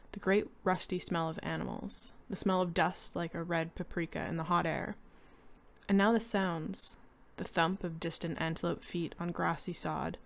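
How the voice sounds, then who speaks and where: A woman reading a short story aloud in a steady, descriptive narration. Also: fairly low pitch, gravelly. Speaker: reader.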